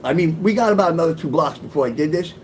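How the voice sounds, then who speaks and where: A man recounts his own story in blunt, profane street talk. His voice sits slightly high and leaps up and down with energy. A faint low rumble hums under the recording. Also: animated, very fast. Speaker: storyteller and author. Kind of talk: casual spoken storytelling.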